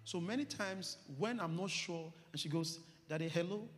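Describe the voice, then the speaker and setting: Pastor preaching in a reverberant hall. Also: male voice, high voice, fairly bright tone. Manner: preaching with rising emphasis and slow stressed phrases. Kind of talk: sermon. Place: church hall. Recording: church hall reverb with music behind.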